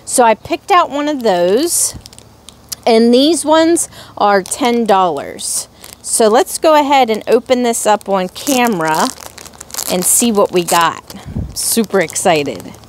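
A young woman in a casual haul vlog, showing off little charms and gushing over each one with drawn-out exclamations. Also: a little high, animated, a little hiss or hum. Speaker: crafts vlogger.

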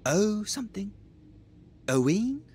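An actor voicing a theatrical, scornful male villain in a video game, with a husky, sneering delivery. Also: sits high, sing-song, slow, darkish tone, heavily acted. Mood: dismissive.

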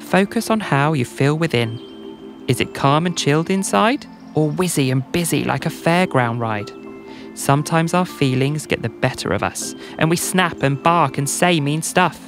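A man voicing a laid-back ladybug who teaches mindfulness in a rhymed bedtime story, mellow and calming. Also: fairly high pitch, moderate pace, over music, close to an everyday voice. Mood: mellow, soothing.

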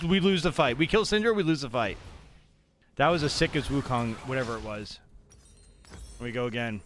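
A young man streaming a video game, commenting live as he plays and swinging between muttering to himself and shouting with excitement. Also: a little high, slight background noise. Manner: excitable, swings from mumbling to yelling. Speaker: gaming streamer.

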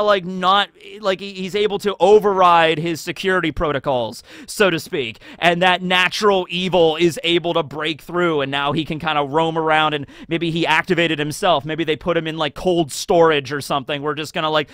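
A man's voice: a little high, fairly even intonation, normal speed, hardly any pauses, a bit bright, no room sound. A man hosting a casual theory video, talking animatedly with lots of fillers. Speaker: anime theory video host. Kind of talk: casual commentary monologue.

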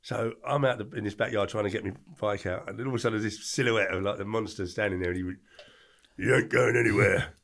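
Gravelly man telling stories. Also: fairly low pitch, rapid-fire, hardly any pauses. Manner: animated anecdotes with acted-out quotes. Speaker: podcast guest. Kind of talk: casual storytelling.

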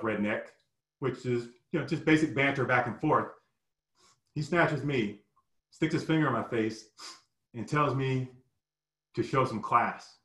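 A man's voice: mid-range voice, sharp tone. A middle-aged man telling a personal story with emotion and profanity, his voice jumping up sharply when he quotes himself. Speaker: storyteller recounting personal experiences. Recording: echoey room.

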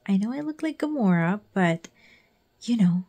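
A woman's voice: mid-range voice, expressive, moderate pace, dark tone. A young woman vlogging her night routine in a chatty way, often dropping to a whisper. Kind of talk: casual vlog narration.

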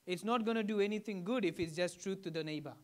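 Fast and high-voiced, a Fijian pastor preaches to his congregation in a conversational teaching manner. He checks in with them often by asking questions.

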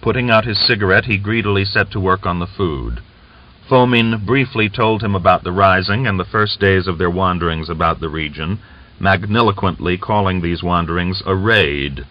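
A man narrating an audiobook novel in a measured, even storytelling delivery, on a dull lo-fi recording. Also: low-pitched. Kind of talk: scripted narration.

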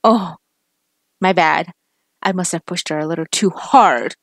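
A woman's voice: lowish voice, a little slow, dry recording. A woman voicing a vengeful male cop turned killer, menacing and taunting, in a dry, close recording.

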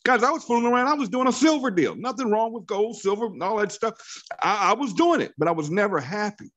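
In his fifties, this network marketing team leader fires up his sales team on a motivational training call, talking fast and animated in a high, somewhat bright voice with wide pitch swings. He preaches with fervent conviction, repeating phrases for emphasis, and the highs are cut off.

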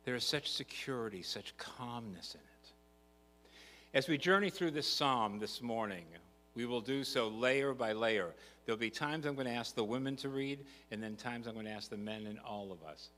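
A man's voice: mid-range voice, a little fast, pushed and bright. An older man, a pastor, preaching a sermon in a church, earnest and rising to emphatic repetition. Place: church sanctuary. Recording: long church reverb, faint hum.

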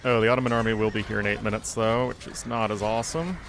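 A man's voice: on the low side, little pitch movement, fast talker, a bit bright, a little hiss or hum. A man, chatting offhand through his own strategy game playthrough as a streamer, muttering remarks to himself. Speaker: gaming streamer. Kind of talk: casual gameplay commentary.

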